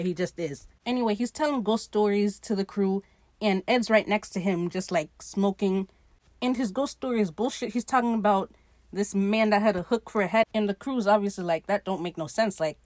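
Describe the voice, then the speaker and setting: A woman's voice: medium pitch, no echo. A woman hosting her own show, giving casual, blunt commentary on a TV episode with sassy, profane asides. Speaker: podcast host reviewing a TV episode.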